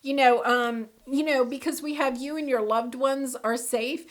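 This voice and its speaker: High-pitched woman tarot reader, gushing and excitable, heavy on the "you know"s, laughs easily. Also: a little slow. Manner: effusive and excitable, with frequent fillers; breaks into laughter. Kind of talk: casual tarot reading.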